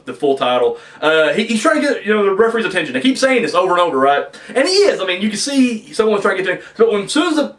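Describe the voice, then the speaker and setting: A young man talks through an old wrestling match in a casual, profane rant. His voice sits high and jumps around a lot. He is set back from the microphone in a roomy, echoing space. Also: far from the mic. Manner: ranting, profane, animated. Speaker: wrestling review host. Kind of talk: casual review commentary.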